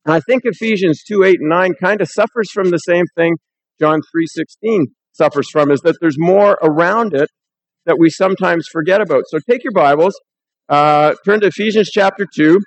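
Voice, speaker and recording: Guy preaching in church, kinda high voice, chatty sermon w/ scripture reading. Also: moderate pace, low-quality recording. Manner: conversational, reads scripture aloud. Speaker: pastor.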